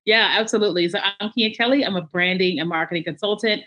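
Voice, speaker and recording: Bright-voiced woman guest on a podcast, animated, does little voices for quotes. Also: mid-range voice, quick pace, highs cut off. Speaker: branding and marketing consultant, guest. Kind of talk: interview storytelling.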